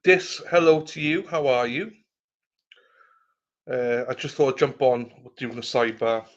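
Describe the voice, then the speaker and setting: A man hosting a loose, rambling livestream. He greets viewers one by one and drops casual swearing in a mid-pitched voice. The audio is a little muffled and lo-fi. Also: measured pace. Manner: chatty, greets viewers by name, swears freely. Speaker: livestream host.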